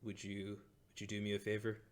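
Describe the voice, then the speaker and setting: A man voicing a low, scheming crime boss. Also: background noise, lightly acted. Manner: calm and measured, flaring into booming rage. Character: scheming male crime boss, vengeful and proud. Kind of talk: tabletop game character voice.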